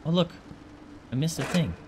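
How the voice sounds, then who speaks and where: A man's voice: fairly high pitch, animated, normal speed, darkish tone, slight background noise. A man giving casual horror game commentary, joking, easily spooked and chatting to objects in the game. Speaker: let's play gamer.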